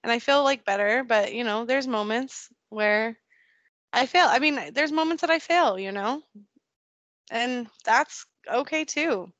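A woman's voice: a little high, measured pace, a bit bright, no echo, dull audio. A woman in her thirties, a podcast guest, chatting candidly and emphatically, laughing often. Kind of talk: casual conversation.

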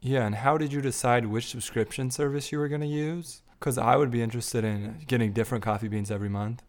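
A young man co-hosting a casual podcast with his wife, talking in a playful, rambling way with quick asides. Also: mid-range voice, steady tone. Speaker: podcast co-host.

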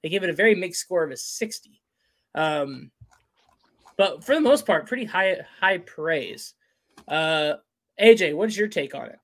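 A man's voice: sits high, animated, unhurried, long pauses. A man hosting a casual sports and gaming talk show, upbeat and rattling off lists of scores and stats. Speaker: host.

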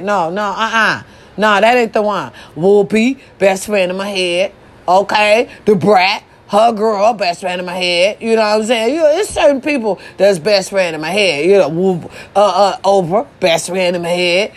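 A woman ranting casually about people online, profane and animated, often jumping to high squeals. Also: normal speed. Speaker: social media commentator. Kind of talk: casual reaction rant.

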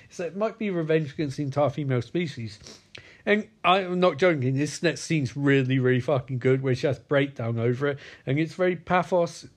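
A man giving a casual film recap in a crude, sarcastic, profane way. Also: on the high side.

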